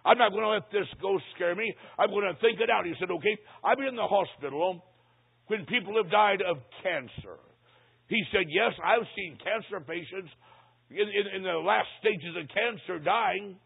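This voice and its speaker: Older male preacher, dramatic sermon storyteller, high husky voice, tinny lo-fi sound. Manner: dramatic storyteller, slows for emphasis. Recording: tinny phone-like recording.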